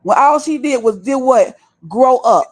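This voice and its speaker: Aave-talking woman going off at her stream chat, cussing, high voice. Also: animated, unhurried. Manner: blunt, profane, scolding. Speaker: livestream host. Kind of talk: heated livestream rant. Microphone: desktop stream mic.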